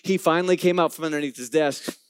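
A man with a fairly high voice tells a faith story to a live crowd. He is animated and playful, acts out each person's lines, and throws asides to the audience. The sound is close and dry. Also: fast, clear, resonant tone, no echo. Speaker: Christian business speaker.

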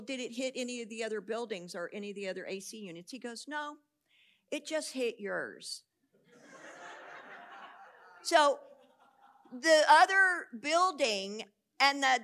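In a storytelling sermon style, a middle-aged woman shares a lively testimony with an audience, performing the voices of the people she quotes. Her pitch sits in the middle range.

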